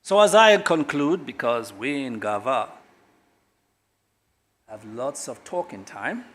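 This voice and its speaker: A middle-aged man from Kenya, a government guest speaker at a corporate launch, speaks emphatically and swings sharply between loud and quiet. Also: medium pitch, lively intonation, takes it slowly. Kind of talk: public speech at a corporate launch.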